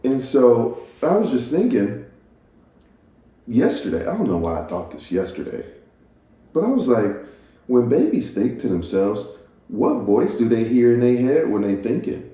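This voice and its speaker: A man's voice: medium pitch, big pitch swings, a little slow, mellow. Rambling man in an echoey room. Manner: rambling, self-interrupting, laughs at himself. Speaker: podcast host. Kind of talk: casual solo podcast musing.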